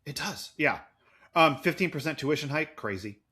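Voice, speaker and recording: A man's voice: on the high side, expressive, normal speed, pushed and bright, breathy edge. A man in his forties co-hosting a podcast in casual chat, rambling and jokey. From United States. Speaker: podcast co-host.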